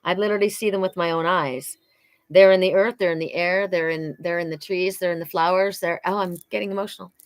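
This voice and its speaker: A woman giving a casual, emotional oracle card reading on a livestream, talking warmly about fairies and her own message. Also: on the low side, steady tone, fast, dry recording. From Welsh heritage. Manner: chatty, emotional, spiritual, prone to laughing.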